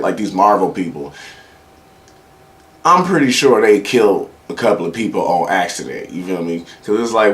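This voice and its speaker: A man hosting a casual solo comedy show, rambling and profane, talking straight to his audience. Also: deep voice. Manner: rambling, profane, acts out quoted voices. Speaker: comedy podcast host. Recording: echoey room with faint ambient noise.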